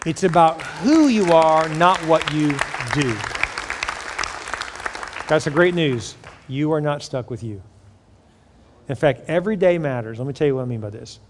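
Pastor guy preaching, kinda high voice, jokey and animated, church hall echo. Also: normal speed, pauses often, some chatter behind, slight background noise. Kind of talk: sermon. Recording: long reverb of a church hall.

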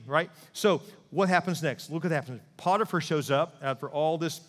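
A male pastor delivers a sermon in an animated, joking storytelling manner. His voice sits fairly high. The sound rings with long reverb from a large hall. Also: moderate pace, few pauses.

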